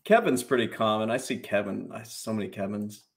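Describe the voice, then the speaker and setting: Man, low voice, co-host, casual chat, short wry remarks. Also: gravelly. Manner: wry, quick one-word quips. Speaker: livestream co-host. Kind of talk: casual livestream banter.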